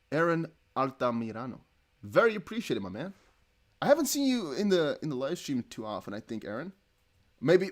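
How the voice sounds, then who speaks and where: Chatty young man hosting a livestream. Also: mid-range voice. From Netherlands. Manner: chatty, laughing, rambling with restarts. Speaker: crypto livestream host. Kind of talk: casual livestream chat reading donations.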